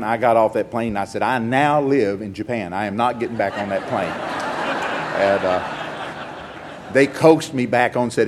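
A man's voice: mid-range voice, noisy background. An older man giving a personal testimony at a recovery meeting, telling stories in a rambling, heartfelt, self-mocking way.

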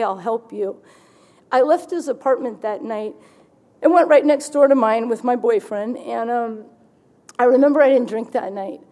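A woman speaking to a recovery meeting, her voice fairly high yet mellow and warm. She tells her story frankly and vividly, slipping in wry humor as she goes. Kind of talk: personal testimony to an audience.

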